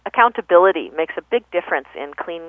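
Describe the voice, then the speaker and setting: A woman guest explaining communication in a thoughtful, conversational way, pausing often with fillers and self-corrections. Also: lowish voice, expressive, no echo. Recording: tinny phone-line radio audio.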